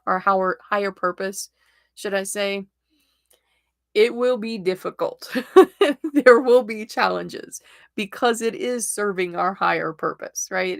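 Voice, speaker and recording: Middle-aged woman, casual stream host; slow, rambling delivery with a gravelly edge. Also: mid-range voice, a bit bright, dry recording, clean studio sound. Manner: chatty, rambling, laughs often. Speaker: tarot reader and livestream host. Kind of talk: casual livestream chat.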